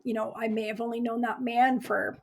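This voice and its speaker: A woman's voice: on the high side, little pitch movement, a little fast, gravelly. A woman in her thirties, an ER nurse guest, telling her story candidly with emotion and many "like" fillers.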